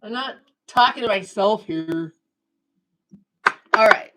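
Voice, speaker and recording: A woman's voice: medium pitch, slow pace, a bit bright, a little hiss or hum, rough recording. Rambling, jokey woman in her fifties. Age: 50s. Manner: rambling, jokey, chats straight to viewers. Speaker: livestreamer. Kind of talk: casual livestream chat.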